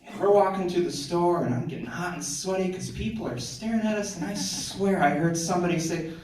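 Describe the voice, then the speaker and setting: A man performing a stand-up comedy set on a theater stage, conversational with deadpan punchlines. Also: sits high, fairly quick. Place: theater stage, live audience. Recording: echoey hall from far off, audience noise.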